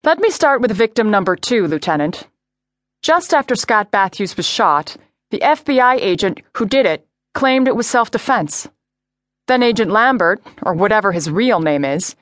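A woman voicing a tough female New York detective who gives crisp, commanding orders in an audiobook. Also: medium pitch, expressive, moderate pace, no echo, clean studio sound, lightly acted. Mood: businesslike. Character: tough female NYPD detective, cool under pressure. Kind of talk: audiobook character voice.

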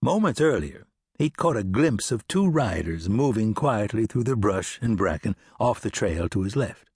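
A man narrating a western audiobook with expressive storytelling. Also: on the low side, moderate pace, slightly rough, no room sound, clean studio sound. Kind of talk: scripted narration.

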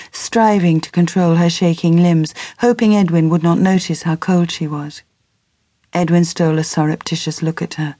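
Woman audiobook narrator, husky and lower-pitched, measured, scripted narration. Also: warm tone, dry recording, clean studio sound. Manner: measured storytelling.

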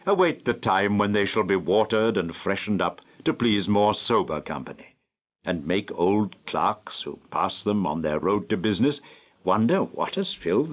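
An older man with a very deep voice reads a classic novel at a slow, deliberate pace. His phrasing rises and falls in lively curves. The recording has a slightly dull, muffled sound. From England. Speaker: audiobook narrator. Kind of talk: measured classic novel narration.

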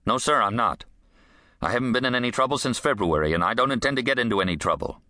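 A male audiobook narrator playing a gruff war veteran on parole, who talks in a curt, defensive, evasive way. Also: mid-range voice, quick pace, sharp tone, no echo, clean studio sound, voice pushed up, close to an everyday voice.

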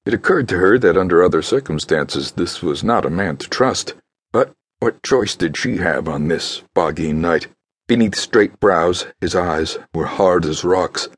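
A man narrating an audiobook with a very low, deep voice. His tone is husky and a bit rough, and he reads in a measured, grave way. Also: animated. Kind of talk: scripted narration.

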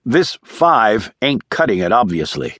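A man's voice: fairly low pitch, sing-song, measured pace, a bit bright, dry recording, studio quality, heavily acted. A man voicing a stressed, impatient male operation chief in his forties in an audiobook thriller. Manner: clipped, impatient. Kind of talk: audiobook character voice.

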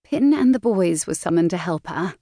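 A woman narrating an audiobook of a classic novel in a measured, expressive storytelling manner. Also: lowish voice, dry recording, studio quality.

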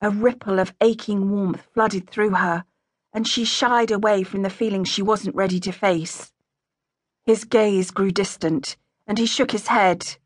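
Woman audiobook narrator, mid-pitched, smooth and even, dry studio sound. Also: unhurried, dry recording. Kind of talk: scripted narration. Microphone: close studio mic. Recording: dry close-miked studio.

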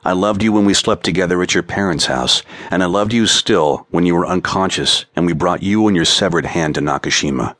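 A captive woman speaks slowly and clearly, holding herself together, as a male narrator reads her part. The voice sits low and the sound is dry and close. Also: a bit bright, no echo. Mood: tender, resigned. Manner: slow, clear, composed speech. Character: captive woman pleading steadily on video.

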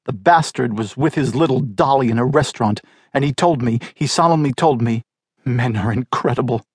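A man's voice: mid-range voice, normal speed, husky, dry recording, studio quality, close to an everyday voice. A man voicing a bitter, wry middle-aged wife telling of her husband's betrayal in a storybook reading.

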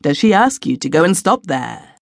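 A woman's voice: low voice, very animated, normal speed, vocal fry, dry recording, studio quality, full character voice. A woman narrator voicing Fred Henry, a young man who presses his sister with persistent, exasperated questions. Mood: pressing. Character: exasperated young man, pushy elder brother.

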